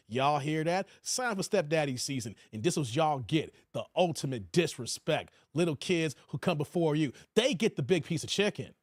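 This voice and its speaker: A man's voice: high voice, no room sound, clean studio sound. A man hosting a livestream, reacting to a video and talking to his chat in slang with mocking asides.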